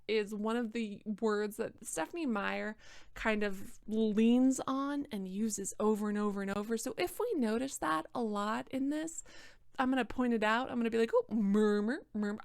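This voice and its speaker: A woman's voice: fairly high pitch, gravelly, clear, resonant tone, no echo, clean studio sound. A tipsy young woman reading a book aloud and roasting it, sarcastic and rambling, often restarting her sentences. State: tipsy from wine. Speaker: book reader and commentator.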